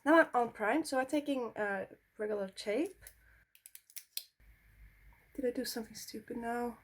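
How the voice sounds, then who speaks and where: Slow-talking Swedish-accented woman. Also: on the high side. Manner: blunt, swears freely, chatty. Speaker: beauty vlogger. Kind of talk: casual makeup tutorial chat.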